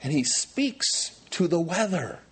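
Man, pastor, sermon, husky, lively pitch, quiet asides and loud emphatic questions. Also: slow.

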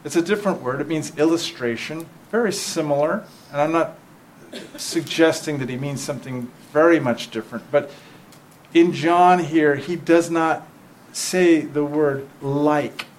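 A man preaching a sermon in a conversational way, often checking in with the listeners and reading scripture aloud slowly and with feeling. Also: fairly high pitch, slight background noise, low-quality recording.

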